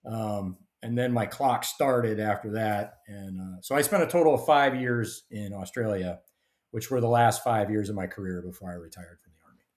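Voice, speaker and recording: A middle-aged man, a guest author and retired army officer, telling stories in a lively, casual way. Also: on the low side, moderate pace. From United States. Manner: animated storyteller, acts out dialogue. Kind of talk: casual storytelling interview. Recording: roomy echo.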